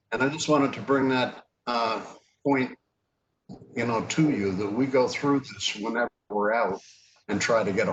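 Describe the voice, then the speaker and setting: A man speaking as a town highway superintendent at a public meeting, plainspoken and earnest, with frequent fillers. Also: a bit bright, slight background noise, rough recording.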